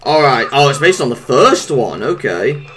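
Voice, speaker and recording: A woman giving gameplay commentary, exclaiming and reacting loudly to what happens in the game. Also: very deep voice, very animated, moderate pace, faint music behind. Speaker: let's play gamer.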